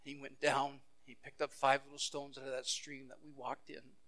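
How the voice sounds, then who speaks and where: A male pastor preaching a sermon. He tells a Bible story and acts out the characters' lines, moving between loud exclamations and hushed, quiet passages. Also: medium pitch, little pitch movement, moderate pace.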